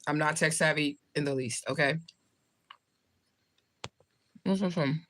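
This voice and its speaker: A woman's voice: low-pitched, a little slow, a bit bright. Chatty woman livestreaming while snacking. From southern United States. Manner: rambling, talks while eating. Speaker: livestream host. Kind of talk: casual live chat with viewers.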